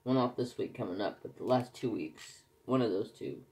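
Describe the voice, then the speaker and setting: A man's voice: medium pitch, moderate pace, a little mellow. A man chatting casually in his craft vlog, telling anecdotes animatedly. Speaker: craft vlogger. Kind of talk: casual chat while crafting.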